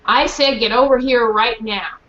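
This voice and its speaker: A woman's voice: on the high side, steady tone, moderate pace, pushed and bright, echoey room. Woman reading a stern scolding mother. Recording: dull lo-fi recording.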